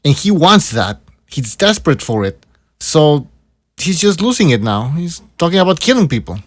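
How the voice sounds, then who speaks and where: A man's voice: on the high side, big pitch swings, moderate pace, no room sound, clean studio sound. A man co-hosting a casual boxing podcast, talking in a wry, exasperated, profane way. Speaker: podcast co-host.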